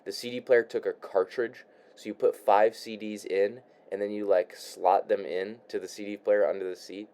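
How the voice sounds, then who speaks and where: Low-voiced young man rambling nostalgically. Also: flat delivery, dark tone. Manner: halting, repeats words, sighs, swears casually. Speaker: vlogger. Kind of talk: rambling casual monologue while crafting. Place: his room.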